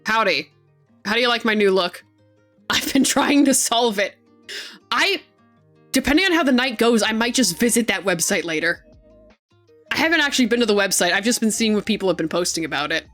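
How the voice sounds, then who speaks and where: A young woman chatting on a live stream in a slightly high voice. She gushes and gets excited, laughs a lot, and swears freely. She talks casually into a desk microphone. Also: brisk, pauses often, soft background music.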